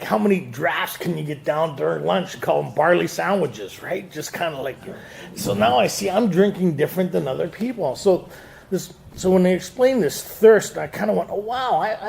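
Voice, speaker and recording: A man gives a recovery meeting talk in a raised, gravelly voice. He tells his story in a joking way and keeps laughing at his own lines. A faint hiss of background noise sits under the recording. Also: on the high side, lively intonation, normal speed, a little mellow. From Canada. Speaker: AA speaker.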